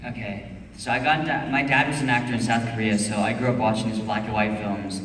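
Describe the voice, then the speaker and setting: A man's voice: fairly low pitch, steady tone, fast talker, a bit bright, slight background noise. A young man on a convention panel, telling rambling stories in a casual, drowsy way with frequent laughs. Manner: laid-back, rambling, drowsy, laughs often. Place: large convention hall. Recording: echoey hall from far off.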